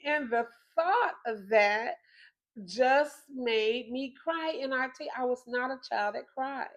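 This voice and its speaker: A woman hosting a podcast, telling a personal memory in a slow, reflective and emotional way. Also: fairly high pitch, animated. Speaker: podcast host. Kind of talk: personal storytelling.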